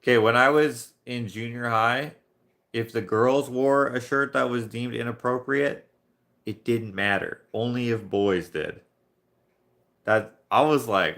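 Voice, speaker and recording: A man's voice: mid-range voice, measured pace, vocal fry, a bit bright. A man from Canada chatting casually during a live painting stream, rambling through anecdotes and chuckling along. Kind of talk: casual chat while painting.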